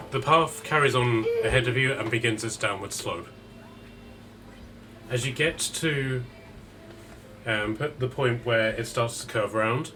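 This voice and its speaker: A man narrating a tabletop game as game master, describing scenes casually with many pauses and restarts. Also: mid-range voice, noisy background.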